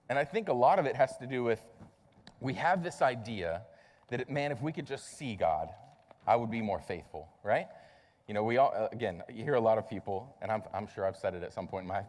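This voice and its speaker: A man's voice: medium pitch, a little mellow. A man in his thirties, a pastor giving a casual, conversational sermon and acting out quoted voices. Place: church sanctuary. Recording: long reverb of a large hall.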